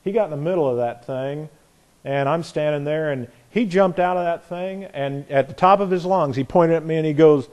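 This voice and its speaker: A middle-aged man leads a Bible study in an earnest, conversational way. His voice sits a little high for a man, and he often restarts his sentences mid-thought. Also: normal speed, darkish tone, lo-fi sound. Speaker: Bible teacher. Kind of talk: informal Bible class teaching.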